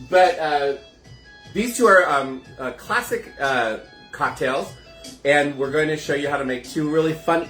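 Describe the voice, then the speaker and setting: Chatty guy with a slightly high voice doing a live cocktail show at home, echoey kitchen, music going. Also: fairly bright tone. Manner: chatty, bubbly, gushing greetings. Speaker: host of a home cocktail livestream. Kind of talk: casual chat, greeting live viewers.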